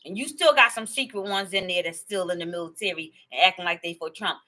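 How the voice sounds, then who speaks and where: A woman in a casual, rambling monologue to her viewers, animated and emphatic, often repeating herself. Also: on the low side, fast, rough recording. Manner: animated and excitable, laughing and emphatic; rambling storytelling with repetition. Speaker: video host.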